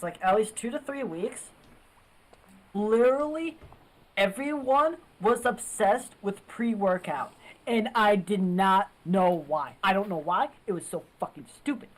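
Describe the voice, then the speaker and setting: A woman's voice: mid-range voice, poor audio. A woman chatting casually, stammering and swearing often. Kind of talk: casual chat.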